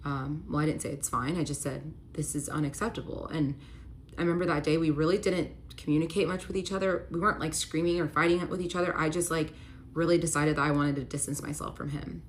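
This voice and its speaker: A woman's voice: low-pitched, steady tone, quick pace, a little hiss or hum. A young woman telling a personal story to her phone camera, candid and earnest, with a casual "like" running through her talk. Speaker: real estate agent telling her story.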